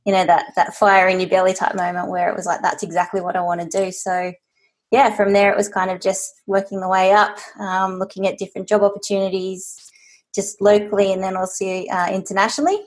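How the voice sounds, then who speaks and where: A woman talks about her career as a guest on a podcast, in a casual way full of little fillers. Her tone stays level, with little rise or fall in pitch. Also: little pitch movement, brisk. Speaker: guest, strength and conditioning coach. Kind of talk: interview answers.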